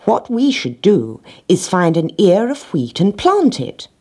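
A fussy little hen from a storybook, pitched up and full of purpose, as a woman puts her on, with a husky edge and lively, bouncing intonation. She lays out her plans earnestly and bossily. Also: measured pace. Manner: earnest, persuasive, bossy. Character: fussy, determined hen, female, small.

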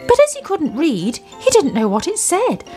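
A woman narrating a children's storybook with lively, expressive delivery. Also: very high-pitched, moderate pace, soft background music.

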